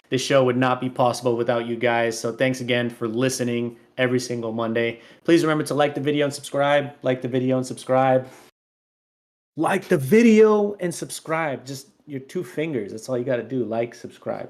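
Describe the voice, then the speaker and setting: A man's voice: medium pitch, steady tone, fast, hardly any pauses. A man hosting a sports podcast, chatting casually and reading promos for the show in a playful, upbeat way. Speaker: podcast host.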